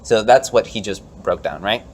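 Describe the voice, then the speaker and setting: Animated swearing man hosting a podcast. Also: fairly low pitch, moderate pace, a little hiss or hum. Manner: animated, hesitant restarts, swearing. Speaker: podcast host. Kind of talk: casual debate chat.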